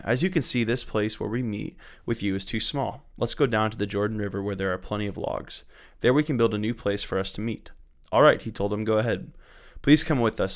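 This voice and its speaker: A man with a somewhat low voice reads scripture aloud for a daily Bible reading. He keeps a measured, unhurried pace, corrects small slips as he goes, and raises his voice a little for the quoted speakers. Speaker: church Bible reading host.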